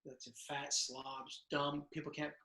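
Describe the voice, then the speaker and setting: Gravelly, bright-voiced man telling stories. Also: fairly high pitch, little pitch movement, unhurried. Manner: storytelling, acts out dialogue, many restarts. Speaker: author and retired correctional officer. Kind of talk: conversational interview answers. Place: home room over video call. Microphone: video call. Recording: echoey video call room.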